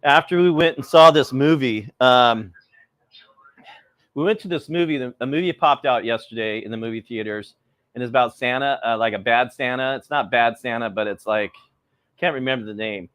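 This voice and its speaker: A middle-aged man hosts a loose, rambling live cooking stream, calling out viewers by name between steps, and he sounds a little cold. His ordinary-pitched voice is clear, resonant and fairly bright at a normal speed, recorded dry and close without room echo.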